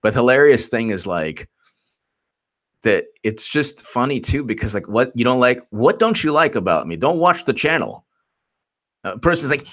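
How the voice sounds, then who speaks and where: A man's voice: medium pitch, big pitch swings, moderate pace, fairly bright tone. A man hosting a casual political commentary channel, sarcastic and mocking as he reads messages aloud.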